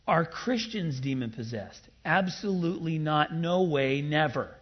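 Emphatic preacher man, husky voice. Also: a little high, animated, measured pace, muffled recording. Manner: emphatic, rising to loud bursts; playful asides. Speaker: pastor. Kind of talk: sermon.

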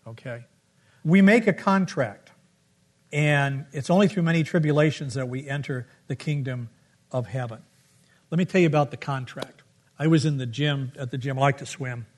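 A middle-aged man preaching a sermon with a playful storytelling manner, humming tunes along the way. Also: mid-range voice. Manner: storytelling, playful, hums melodies.

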